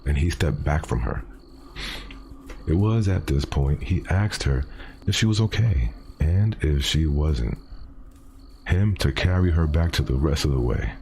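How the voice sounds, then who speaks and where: Man, extremely deep voice, live horror story reading, profane and casual, dramatic pauses. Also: lively intonation, mellow, a little hiss or hum. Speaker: podcast host reading a scary story.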